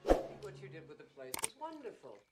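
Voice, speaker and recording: A gushing dinner hostess. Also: female voice, fairly low pitch, wildly swooping pitch, quick pace, slightly rough, full character voice. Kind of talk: film dialogue. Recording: film clip with loud noise.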